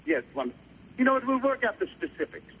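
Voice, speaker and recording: A man playing a pompous old-fashioned gentleman caller. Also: very high-pitched, sing-song, a little fast. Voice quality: affected, old-fashioned phrasing. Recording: muffled phone line with faint hiss.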